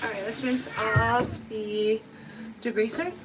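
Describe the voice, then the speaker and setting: Slow-talking woman bathing a cat. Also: fairly high pitch, fairly even intonation, heavy background noise. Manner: chatty, sing-song, talks to the cat. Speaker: cat groomer. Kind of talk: casual talk while bathing a cat. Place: grooming salon bath area, indoors.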